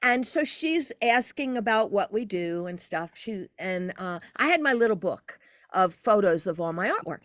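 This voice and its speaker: An older woman, a podcast guest, telling a long personal story in an animated way, her pitch leaping as she relives moments. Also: normal speed, no echo, clean studio sound. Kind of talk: casual storytelling interview.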